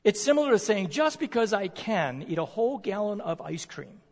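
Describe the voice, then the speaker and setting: A male preacher delivering a sermon, emphatic, posing rhetorical questions and slowing down to stress key words. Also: sits high, very animated. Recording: long reverb of a large hall.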